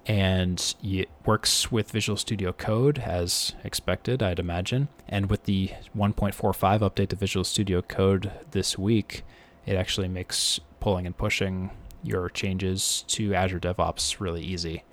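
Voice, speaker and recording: Low-voiced man casually talking tech. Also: steady tone, unhurried, hardly any pauses. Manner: rambling, self-deprecating, frequent restarts. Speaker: podcast co-host.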